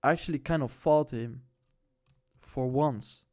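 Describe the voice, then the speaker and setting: A man's voice: medium pitch, a little slow, a little mellow. Young man telling a story, slangy. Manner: loose and slangy, many fillers, laughs while telling. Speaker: vlogger. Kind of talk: casual storytelling to camera.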